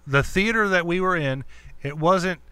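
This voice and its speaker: Profane, animated male podcast host. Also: sits high, normal speed, clear, resonant tone, dry recording. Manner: profane, animated storytelling with acted-out quotes. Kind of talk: casual chat.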